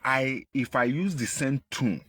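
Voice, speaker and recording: A man with a Nigerian Igbo accent delivering an impassioned political monologue, repeating his points and jumping in pitch for emphasis. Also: unhurried, fairly bright tone, slightly rough, no echo. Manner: emphatic, repetitive, pitch leaps when stressing. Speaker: activist commentator.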